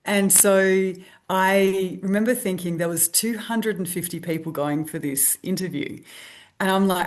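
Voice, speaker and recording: An Australian woman being interviewed, telling a lively anecdote and acting out the voices of people she quotes. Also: mid-range voice, unhurried. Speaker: guest, stress researcher. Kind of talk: storytelling interview.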